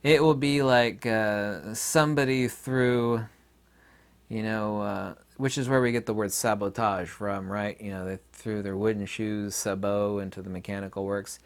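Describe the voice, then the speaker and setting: A man's voice: on the low side, steady tone, a little slow, clean tone. A man hosting his own channel, delivering a rambling, opinionated monologue to his viewers with many fillers and asides. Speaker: channel host.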